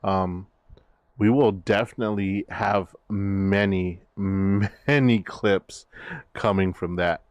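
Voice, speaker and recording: A man's voice: low-pitched, steady tone, slow pace, no room sound, muffled recording. A man chatting casually on his stream, rambling with many fillers and restarts. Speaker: VTuber streamer.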